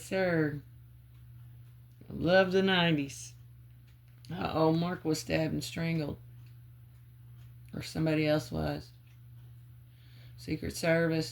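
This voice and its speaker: A woman giving a channeled psychic reading, calling on spirit and muttering names and clues in halting bits. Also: low voice, gravelly. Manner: halting, muttering free association. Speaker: psychic reader.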